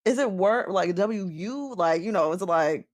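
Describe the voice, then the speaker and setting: A woman's voice: medium pitch, measured pace, no room sound, clean studio sound. A woman hosting a podcast, chatting casually and laughing often as she tells stories. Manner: animated, laughs often while telling stories. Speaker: podcast host. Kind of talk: casual chat.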